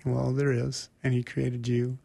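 Gravelly-voiced man telling his story. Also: mid-range voice, measured pace, no echo. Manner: earnest, animated, with frequent restarts. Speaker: guest sharing his testimony. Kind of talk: conversational storytelling.

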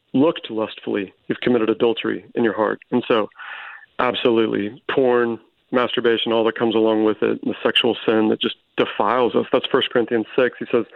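Earnest male guest, animated storyteller, mid-pitched, heard over a thin phone line. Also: gravelly, no echo. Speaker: guest author. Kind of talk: casual Christian talk show conversation. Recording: tinny phone-line sound.

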